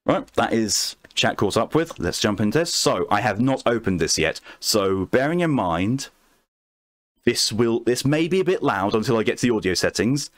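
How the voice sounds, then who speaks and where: A man streaming a game late at night, chatting calmly with his chat and answering messages in a soothing tone. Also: mid-range voice, normal speed, no echo, clean studio sound. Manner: calm, soothing voice meant to lull viewers to sleep.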